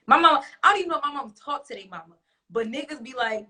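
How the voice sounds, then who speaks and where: A young woman hosts a talk show. She has a bright, forceful voice and talks bluntly, swearing and laughing often with her audience. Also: medium pitch, lively intonation, quick pace. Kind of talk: casual chat to a live audience.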